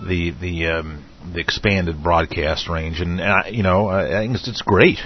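A man with a weak, still-recovering voice chats on an internet radio show, low and husky, and rambles while stumbling over his words. The call audio is dull and lo-fi. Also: fairly even intonation, normal speed. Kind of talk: casual internet radio chat.

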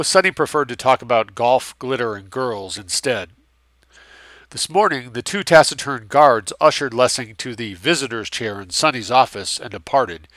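In scripted audiobook narration of a novel, a man reads with a steady, measured storytelling manner. His voice is mid-range, and the recording carries no room sound.

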